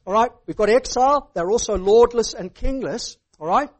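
A man's voice: extremely high pitch, normal speed. Man preaching, tag questions. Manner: emphatic, asks the hearers "all right?" often. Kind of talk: sermon.

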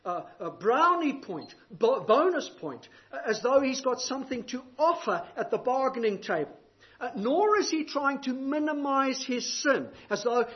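High-voiced preacher, lo-fi. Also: male voice. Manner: rhetorical questions, emphatic and varied delivery. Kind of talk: sermon.

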